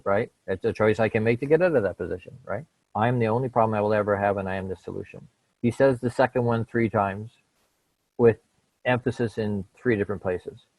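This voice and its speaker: A man's voice: fairly low pitch, no echo, rough recording. A middle-aged man, a podcast guest, telling a personal story in casual conversation, repeating words and restarting sentences as he makes his points. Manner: repeats words and restarts, emphatic about change.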